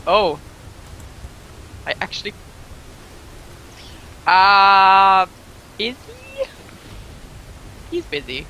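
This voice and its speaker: A man's voice: high-pitched, huge pitch swings, very slow, pauses often, pushed and bright, muffled recording. A man playing a tabletop role-playing game, chatty and joking, trailing off mid-sentence. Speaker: player. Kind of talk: casual tabletop game chat.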